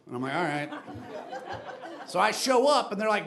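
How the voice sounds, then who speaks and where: A man doing a stand-up routine with exasperated ranting that rises to shouts. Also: high-pitched, expressive, brisk, a crowd in the background. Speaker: stand-up comedian. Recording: live club audience and noise.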